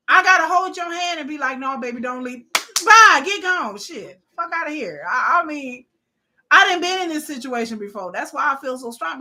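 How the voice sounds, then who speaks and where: A woman hosts a live reality TV watch party, her voice high and bright as it swings widely up and down. She is blunt and profane, tossing opinions straight at her viewers. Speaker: live-stream host.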